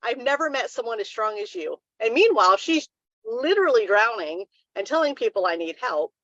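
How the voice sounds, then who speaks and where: A woman's voice: medium pitch, dry recording, muffled recording. A woman co-hosting a live wellness talk stream, giving earnest advice in a casual, rambling way.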